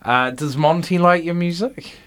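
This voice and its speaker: A man's voice: a little high, unhurried, a bit bright, clear, resonant tone. A man hosting a casual radio interview, hesitant, with frequent ums and restarts. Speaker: radio host.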